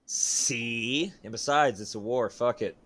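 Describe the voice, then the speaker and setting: A man's voice: mid-range voice, slow, over a noisy crowd. A man co-hosting a podcast, bantering casually with dry, teasing jokes and swearing. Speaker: podcast co-host. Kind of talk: casual chat.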